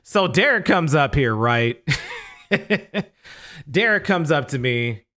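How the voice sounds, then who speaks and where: A man's voice: fairly high pitch, animated, takes it slowly, bright, forceful tone. A young man casually telling a story to camera, emphatic and profane, often repeating himself. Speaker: storytelling YouTuber.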